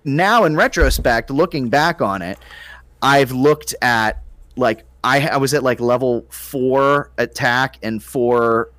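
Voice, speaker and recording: A man co-hosting a casual gaming podcast, rambling through a game review with lots of halting restarts. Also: mid-range voice, fairly bright tone, dry recording. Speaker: podcast co-host.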